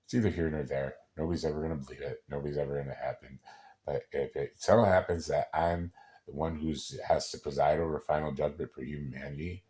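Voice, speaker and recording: A man's voice: extremely low pitch, fairly even intonation, a little mellow. A man in a casual personal monologue who rambles, swears freely and keeps restarting his sentences. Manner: rambling and profane, with many halting restarts.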